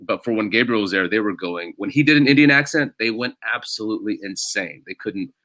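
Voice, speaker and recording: A man's voice: lowish voice, lively intonation, fairly quick, bright, forceful tone, no room sound. A male stand-up comedian as a guest on a casual podcast, telling rambling self-deprecating stories.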